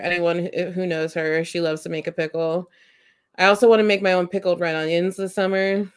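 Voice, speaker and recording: A woman's voice: on the low side, clear, resonant tone. A young woman from Central Ohio co-hosting a casual podcast, blunt and opinionated. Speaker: podcast co-host. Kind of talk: casual chat.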